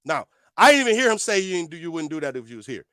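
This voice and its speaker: A man's voice: fairly high pitch, sing-song, very fast, fairly bright tone, no room sound, clean studio sound. A man giving heated reaction commentary, confrontational and repeating his points as he talks back at a clip.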